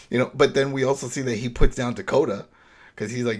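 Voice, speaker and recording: A man co-hosting a podcast, retelling an episode in a loose, rambling, animated way. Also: mid-range voice, fast talker. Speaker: podcast co-host. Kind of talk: casual recap discussion.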